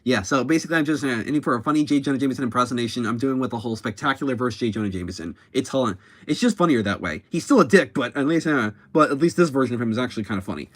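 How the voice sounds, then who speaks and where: A man's voice: medium pitch, animated, rapid-fire, hardly any pauses, a bit bright. A man hosting a YouTube channel, recapping a story in a rambling, self-correcting way. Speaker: YouTube host.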